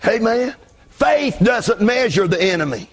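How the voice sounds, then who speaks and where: A male pastor delivers a fiery revival sermon, his voice pitched unusually high. It has a husky, raspy edge as he shouts and half-chants his points from a church pulpit. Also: very animated, unhurried. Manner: shouted, chanting preaching cadence.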